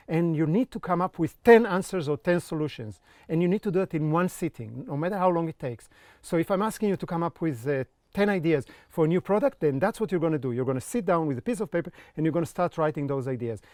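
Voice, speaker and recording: A man's voice: on the high side, darkish tone, dry recording. Upbeat man coaching the viewer. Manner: encouraging, checks in with frequent "okay?"; talks straight to the viewer, giving step-by-step tasks. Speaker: creativity coach. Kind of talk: online course instruction.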